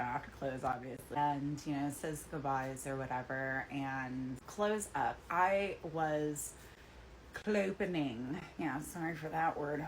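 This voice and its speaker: Woman, 30s, deep-ish voice, casual storytime delivery, animated when quoting people. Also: slight background noise. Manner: chatty, animated quoting of others, lots of "like". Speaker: bartender.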